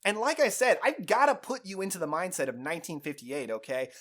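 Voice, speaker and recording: A man giving a casual, enthusiastic film review, chatty and excited about what he describes. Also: high-pitched, a little fast.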